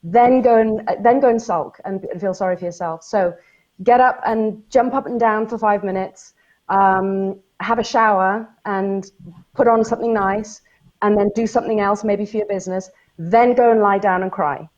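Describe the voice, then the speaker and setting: A woman's voice: medium pitch, moderate pace. Emotional woman on dull lo-fi call audio. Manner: warm, emotional, encouraging. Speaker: panelist photographer. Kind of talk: livestream panel discussion.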